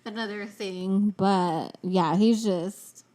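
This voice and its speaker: A woman's voice: medium pitch, slow pace. A young woman co-hosting a podcast in casual chat, laughing often and swearing freely. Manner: laughing often, profane and animated. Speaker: podcast co-host.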